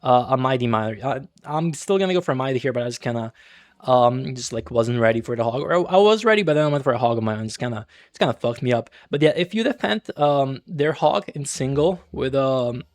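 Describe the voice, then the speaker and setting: A man's voice: mid-range voice, animated, brisk, no room sound, studio quality. A young man giving casual, rambling commentary over his own gameplay, full of slang, fillers and restarts. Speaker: gaming channel host.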